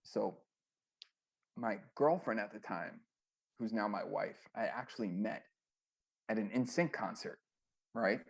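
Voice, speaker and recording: A former music manager, a man, telling a long story in a loose, rambling way and often ending sentences with a quick "right?". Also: lowish voice, creaky, slightly rough. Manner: ends many sentences with a tag question, "right?"; loose and rambling, with restarts and fillers. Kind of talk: casual storytelling in an interview.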